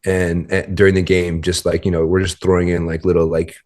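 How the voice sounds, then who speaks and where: A man's voice: low-pitched, little pitch movement, brisk, darkish tone. A man as a podcast guest, telling a story in a rambling, casual way full of fillers and restarts.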